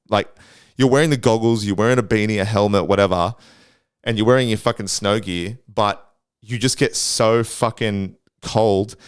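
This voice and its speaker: A man's voice: mid-range voice, clear, resonant tone, no room sound, clean studio sound. A young man telling a rambling, swear-filled story on his solo podcast, acting out his own panicked noises. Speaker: podcast host.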